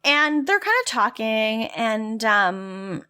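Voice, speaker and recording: A woman co-hosting a casual podcast recap with a fairly high, lively voice that swoops around as she talks. She keeps slipping into playful put-on voices to quote the characters. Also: takes it slowly, clean tone. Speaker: podcast co-host. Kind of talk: casual chat recapping a TV episode.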